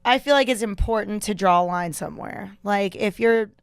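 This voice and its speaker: A woman's voice: mid-range voice, normal speed, clean tone, no echo, clean studio sound. A woman in casual comedic chat on a podcast, blunt and profane, laughing often. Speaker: podcast guest. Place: podcast studio.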